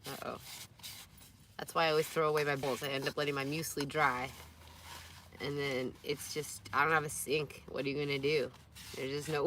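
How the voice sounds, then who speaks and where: With background noise behind her, a low-voiced woman in her thirties chats casually for her van-life vlog. She rambles candidly and stops between stories to coo baby talk at her dogs.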